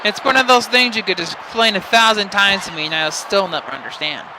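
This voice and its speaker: A man's voice: sits high, fairly quick, crowd noise, background noise. A man narrating his gameplay in a rambling, stuttering way, firing off exasperated rhetorical questions into a close mic he keeps bumping. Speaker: let's play host. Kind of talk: gameplay commentary. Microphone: close desk mic he keeps bumping.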